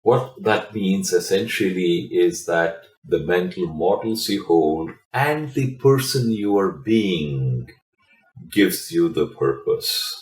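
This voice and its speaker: Very deep-voiced man coaching by example. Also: expressive, a little mellow, reverberant. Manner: measured, emphatic, illustrates points with examples. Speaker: guest, executive coach. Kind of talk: explanatory interview talk.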